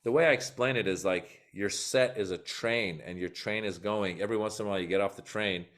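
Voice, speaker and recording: A man who is a comedian and guest on a podcast, telling animated stories that act out what people said. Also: lowish voice, a little fast. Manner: animated, acts out quotes in story. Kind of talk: podcast interview storytelling.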